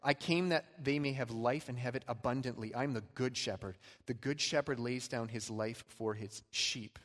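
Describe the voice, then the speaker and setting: Male pastor preaching with emphatic rises and quiet drops; medium pitch; echoing hall sound. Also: moderate pace. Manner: emphatic preaching, swings between loud and soft. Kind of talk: sermon. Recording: long hall reverb.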